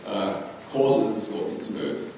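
A young man gives a philosophy talk at a conference in a low-ish, warm, unhurried voice, keeping it loose and chatty with plenty of ums. He's picked up from a distance in a large, echoey lecture hall, with slight background noise.

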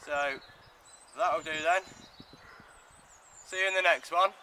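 A man with a fairly high voice chats at an easy, slow pace on a riverbank. Clear outdoor noise runs under his casual, friendly vlog talk. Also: steady tone. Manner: chatty, talks softly to the turtle. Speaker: magnet fishing vlogger.

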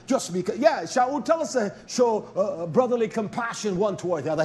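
A man preaching a fiery, scolding sermon, dropping to low mutters and then climbing to loud, pressing exhortation. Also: lively intonation, brisk, hardly any pauses. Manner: blunt, scolding, with mild cursing.

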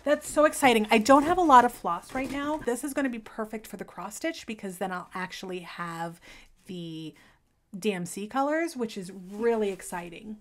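A young adult woman vlogging casually as she unboxes craft kits, gushing and gasping with excitement. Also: mid-range voice, moderate pace. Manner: gushing, excitable, gasps often. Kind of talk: unboxing chat.

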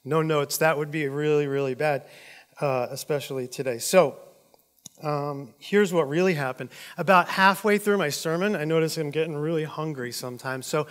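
A man preaching from the stage of a church auditorium, his voice sitting a little high. His jaw is swollen after oral surgery. He jokes at his own expense and acts out the voices in his stories. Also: moderate pace, a bit bright, long reverb tail. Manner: joking and self-deprecating, acts out dialogue. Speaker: pastor. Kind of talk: sermon.

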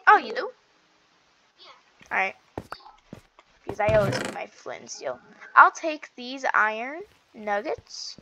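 A woman chatting casually while playing a video game, excitable and giggly, gasping and stammering as she goes. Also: on the high side, a little slow, vocal fry, long pauses, background noise. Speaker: gaming video host. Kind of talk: casual gameplay chat.

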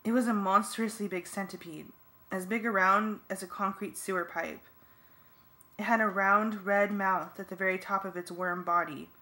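A woman's voice: medium pitch, fairly even intonation, normal speed, bright, forceful tone. A woman giving earnest first-person narration for a fan audiobook.

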